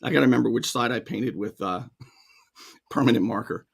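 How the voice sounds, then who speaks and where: A man's voice: medium pitch, normal speed, creaky. A man hosting a talk show, delivering sarcastic, opinionated commentary and mocking other views. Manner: sarcastic, animated, mocking voices.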